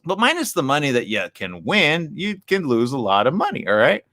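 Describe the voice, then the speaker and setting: A man's voice: a little high, huge pitch swings, a little fast, sharp tone, dry recording, clean studio sound. A man hosting a live morning show, ranting bluntly and sarcastically while running on little sleep. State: sleep-deprived. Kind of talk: casual live-stream commentary.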